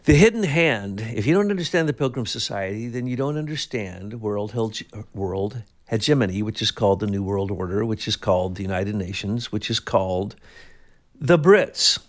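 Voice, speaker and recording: A man's voice: lowish voice, animated, moderate pace. A man co-hosting a political talk show, speaking emphatically, piling up sweeping claims with frequent restarts. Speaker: co-host.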